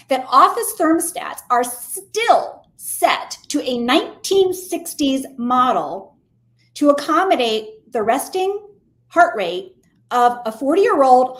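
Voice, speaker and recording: A middle-aged woman co-hosting a casual mentoring discussion, speaking emphatically and persuasively and acting out quoted thoughts. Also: high voice. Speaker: mentor and co-host.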